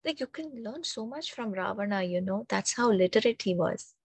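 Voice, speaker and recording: A woman telling a religious story in a lively, conversational way, often checking in with her listeners. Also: medium pitch, normal speed, breathy edge, dry recording. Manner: animated, conversational, frequent "right?" tags. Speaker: spiritual storyteller. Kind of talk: storytelling talk on mythology.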